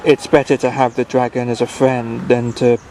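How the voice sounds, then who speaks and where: A kindly, firm little man from a bedtime storybook, played by a man reading aloud. He speaks in a coaxing yet stern way, with a gravelly voice. The pitch sits at a mid level. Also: little pitch movement, moderate pace, a little mellow, a little hiss or hum, natural voice.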